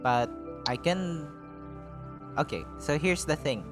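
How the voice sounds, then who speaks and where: A man's voice: on the high side, expressive, slow, faint music behind. Man rambling through a tabletop role-play. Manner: rambling, trails off quietly, coughs and burps. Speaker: player voicing a smith character.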